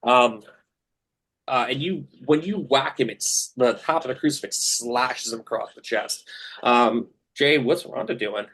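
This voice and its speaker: A man's voice: medium pitch, a little slow, a bit bright, slightly rough. A man running a tabletop game as game master, narrating scenes with many fillers and hesitations.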